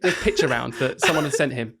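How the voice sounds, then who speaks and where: A man's voice: mid-range voice, a little fast, gravelly, fairly bright tone. A young man hosting a casual podcast chat, teasing his co-host and laughing often.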